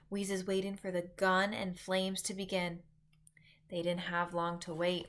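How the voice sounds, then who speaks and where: A woman teacher reading a children's book aloud with expressive, dramatic narration. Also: medium pitch, clear, resonant tone. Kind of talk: read-aloud storytelling.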